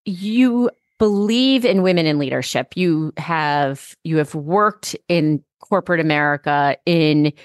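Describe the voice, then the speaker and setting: A woman's voice: low-pitched, takes it slowly, few pauses, no room sound. A woman hosting a podcast, chatting with her guest and sharing her own stories. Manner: conversational, asks questions and tells her own stories. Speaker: podcast host. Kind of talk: casual interview. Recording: dry close mic.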